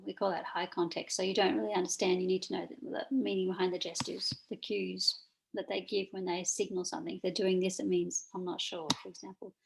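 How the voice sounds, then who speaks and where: Gravelly Australian woman teaching. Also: medium pitch, a little hiss or hum, rough recording. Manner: informal, pointing at slides, frequent fillers. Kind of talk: recorded lecture over slides.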